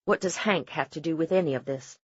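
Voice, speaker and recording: A man narrating an audiobook voices a calm, matter-of-fact woman doctor asking pointed questions, on dry audio. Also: fairly high pitch, brisk, husky, no room sound, muffled recording, voice pushed up. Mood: questioning. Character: calm, steady woman doctor held hostage.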